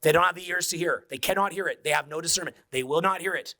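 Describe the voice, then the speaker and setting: A man's voice: fairly high pitch, fast talker, sharp tone. A man in his forties, a social skills coach, giving an intense, profane motivational speech that drops to near-whispers. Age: 40s.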